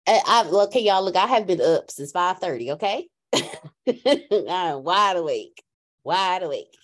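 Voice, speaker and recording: A woman's voice: on the low side, big pitch swings, measured pace. A woman from Texas with a Southern accent, co-hosting a casual livestream in a bubbly, chatty way, laughing often and drawing out her greetings. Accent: Southern American. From Galveston, Texas. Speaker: co-host.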